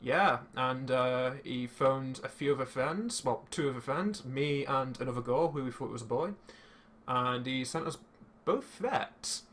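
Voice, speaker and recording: A young man telling a story in casual chat while streaming a game, swearing freely and animated. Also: mid-range voice, unhurried.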